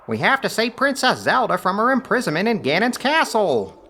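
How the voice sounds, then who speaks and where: A man voicing a small female fairy guide from a video game in a much higher, earnest put-on voice. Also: big pitch swings, normal speed, bright, forceful tone, a little hiss or hum, exaggerated voice. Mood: urgent. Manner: reading game dialogue aloud in a put-on voice.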